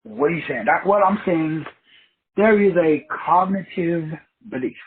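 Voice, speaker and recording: A man with a fairly high, husky voice speaks unhurriedly as he hosts a talk show. His preachy, motivational monologue leans on wordplay and repeated phrases, and the recording sounds tinny, like a phone line.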